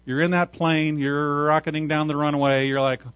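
A man pastor preaching a sermon, telling a story in an animated way and chuckling often. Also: a little high, moderate pace, clear, resonant tone, dry recording, lo-fi sound.

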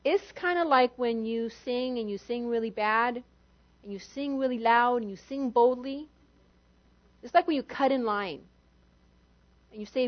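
A woman pastor preaching a sermon in an animated way, acting out quotes with sudden shifts in volume. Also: a little high, moderate pace, dull audio.

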